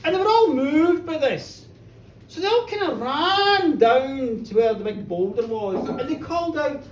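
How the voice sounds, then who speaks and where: A woman telling a folk tale live, animated, chatty and playful. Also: high voice, a little slow. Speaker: storyteller. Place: pub storytelling show, indoors. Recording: roomy bar, distant mic, faint noise.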